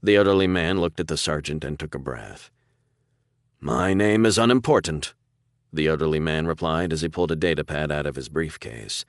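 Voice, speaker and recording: A man narrating an audiobook in a steady, deliberate storytelling manner. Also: extremely low pitch, clear, resonant tone, no room sound, studio quality. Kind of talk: scripted narration.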